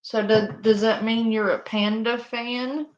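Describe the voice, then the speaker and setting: Slow-talking woman streamer, muffled audio. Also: fairly high pitch, flat delivery. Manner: amused, laughs often. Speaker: streamer reacting to videos. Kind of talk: casual live reaction commentary.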